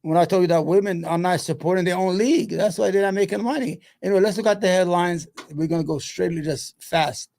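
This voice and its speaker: Gravelly, high-pitched rambling male host. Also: fast talker, few pauses, darkish tone. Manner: loose, profane, muttering to himself between points. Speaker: solo commentary host. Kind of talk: rambling casual commentary.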